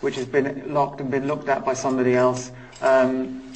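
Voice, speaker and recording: A man working as a psychic medium on a live ghost hunt, talking in halting bursts and repeating his words. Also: medium pitch, completely flat delivery, recorded from a distance, slight background noise, poor audio. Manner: halting, repeats words, speaks of feeling panic and anger. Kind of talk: live paranormal investigation.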